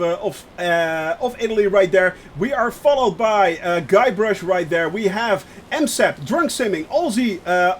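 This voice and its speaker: A man's voice: high voice, a little hiss or hum. A man, chatting live with viewers while streaming a flight sim, joking and laughing often as he reads the chat aloud.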